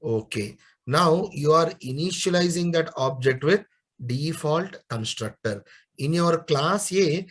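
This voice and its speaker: A man's voice: a little high, animated, takes it slowly. A young man teaching a live online coding class, scolding and encouraging students and repeating his questions. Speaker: programming teacher.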